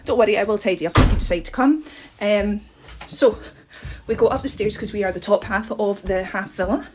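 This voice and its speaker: A young woman talking fast and cheerfully as she walks through her house. She sounds a bit out of breath from climbing stairs, with a middle-pitched voice and easy, self-mocking asides. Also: background noise. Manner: chatty, quick, self-mocking with laughs. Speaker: vlogger. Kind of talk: house tour vlog. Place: her own house, walking room to room.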